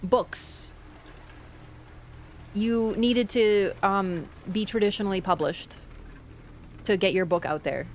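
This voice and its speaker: A woman's voice: medium pitch, unhurried, a little hiss or hum. A woman streaming a game live, chatting with her viewers in an opinionated way and yelping suddenly at what happens on screen. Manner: chatty and opinionated, talks straight to chat; sudden loud yelps at the game. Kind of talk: live gameplay commentary and chat reading. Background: game music.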